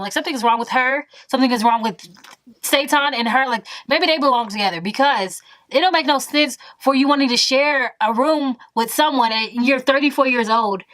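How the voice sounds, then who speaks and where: A woman in her twenties telling a story in a vlog, animated and emphatic, full of exasperation. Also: high-pitched, no room sound. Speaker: vlogger.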